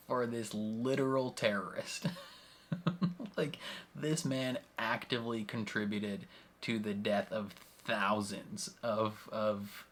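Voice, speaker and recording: A man's voice: lowish voice, slow pace, slight background noise. Man recapping a TV episode. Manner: animated retelling, acts out quoted lines, laughs often. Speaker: reaction video host. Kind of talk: casual TV episode recap and reaction.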